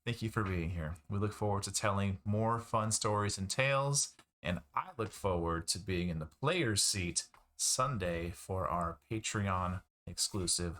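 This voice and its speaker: Low-voiced man running a tabletop game. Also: unhurried, hardly any pauses, a bit bright. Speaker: game master.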